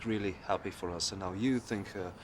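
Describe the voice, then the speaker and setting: Stern Irish cop played by a man, reproachful, low voice, faint background noise. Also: fairly even intonation, a little fast, close to an everyday voice. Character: reproachful, loyal male police officer. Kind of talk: TV crime drama acting.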